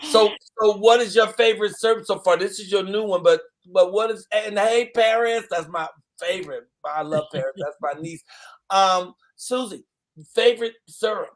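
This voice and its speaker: A man's voice: high-pitched, moderate pace. A man hosting a morning talk show, bantering playfully with his guests in casual chat. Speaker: host.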